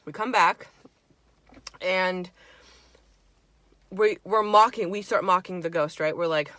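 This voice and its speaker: A woman's voice: fairly low pitch, slow pace, no echo. Chatty profane young woman vlogger. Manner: chatty, profane, animated storyteller acting out friends' lines. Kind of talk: casual storytime while eating.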